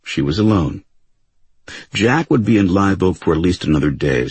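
A male audiobook narrator with a very low, husky voice. He tells the story evenly and unhurriedly. The recording is dry and close. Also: darkish tone, dry recording. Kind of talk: scripted narration. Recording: dry close studio sound.

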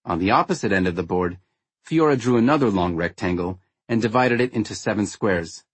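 Wry, low-voiced male storyteller. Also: expressive, fairly quick, slightly rough, no room sound. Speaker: audiobook narrator. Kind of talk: first-person story narration.

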